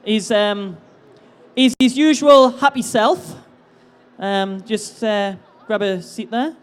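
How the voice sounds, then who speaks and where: A man's voice: high voice, takes it slowly, smooth. A man hosting a live convention stage game, teasing contestants with upbeat, jokey banter.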